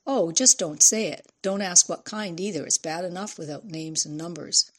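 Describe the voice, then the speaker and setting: A man's voice: high-pitched, moderate pace. A woman voicing a lanky, flamboyant male theater director with a slight Dutch accent, theatrical and wry, in a storybook reading. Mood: worried.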